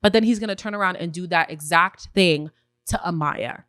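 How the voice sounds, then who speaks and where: A woman hosting a casual recap podcast, opinionated and animated, often acting out what others said. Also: lowish voice, moderate pace, dry recording, studio quality. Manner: opinionated, animated, acts out quotes in voices. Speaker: podcast host recapping a reality show.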